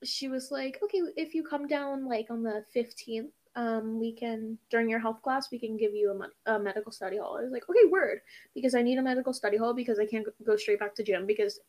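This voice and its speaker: A teenage girl co-hosts a podcast with a slightly high voice. She rushes her words, stumbles now and then, and swears freely in easy, casual chat. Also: fairly even intonation, a little mellow. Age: teens. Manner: fast-talking, swears often, stutters. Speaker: podcast co-host.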